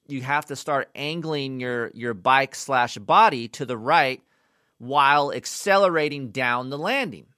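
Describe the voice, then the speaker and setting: Blunt, sweary man with a bright voice. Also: mid-range voice, smooth, dry recording, clean studio sound. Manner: blunt, profane, rambling. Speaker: motocross bike tester. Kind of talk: casual bike review talk.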